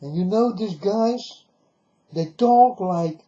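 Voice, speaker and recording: A religious video preacher delivers a monologue to the camera, peppering the viewer with repeated rhetorical questions. His voice is high, slow, and dark in tone, captured in a dull lo-fi recording.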